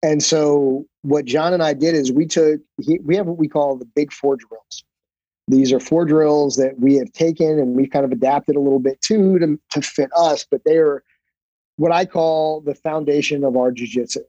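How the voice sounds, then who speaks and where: A man's voice: fairly high pitch, normal speed, warm tone, no room sound, lo-fi sound. A man, a jiu-jitsu instructor on a podcast, telling stories casually with loose, profane talk and many fillers. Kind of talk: casual storytelling.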